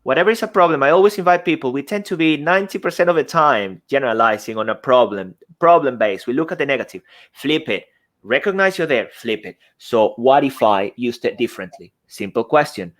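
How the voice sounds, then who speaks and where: A man's voice: mid-range voice, animated, fairly quick, a bit bright. A man speaking English with a non-native accent, a podcast guest and coach who talks emphatically and asks rhetorical questions. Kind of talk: conversational coaching talk. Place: remote podcast setup with desk mic.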